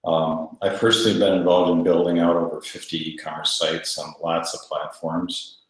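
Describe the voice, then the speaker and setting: A man's voice: deep voice, flat delivery, normal speed. A man who is a guest on an interview show, matter-of-fact with a dry sense of humor. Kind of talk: casual interview talk. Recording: very echoey room.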